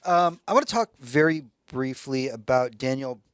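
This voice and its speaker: A man's voice: medium pitch, expressive, moderate pace, smooth, dry recording, studio quality. A man co-hosting a podcast, talking loosely and enthusiastically, swearing casually. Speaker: podcast co-host.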